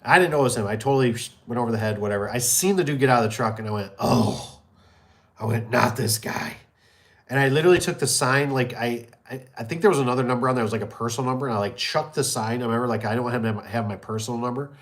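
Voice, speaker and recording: A man talks at an ordinary middle pitch, winding through a story about a customer. He repeats words and doubles back often, slipping into quick voices for the people he quotes. It sounds like easy, unscripted chat on a live stream. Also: a bit bright. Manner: rambling, repeats himself, acts out quoted people. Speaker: small business owner hosting a live stream. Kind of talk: casual storytelling.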